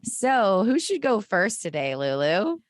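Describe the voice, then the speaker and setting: A woman's voice: mid-range voice, big pitch swings, measured pace, dry recording, studio quality. A woman co-hosting a podcast in casual chat, explaining a new segment. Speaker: podcast co-host.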